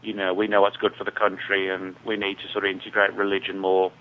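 A man's voice: low-pitched, completely flat delivery, fast talker. An English-accented man talking casually as a guest, rambling with many restarts. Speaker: guest researcher. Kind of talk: casual interview talk. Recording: tinny phone-like line.

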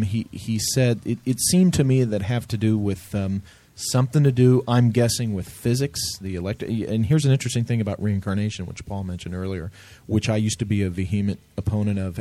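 A man with a lowish, mellow voice speaks as a guest, hesitant and rambling. He restarts often and fills his pauses with ums. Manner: hesitant, rambling, many fillers. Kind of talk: casual panel discussion.

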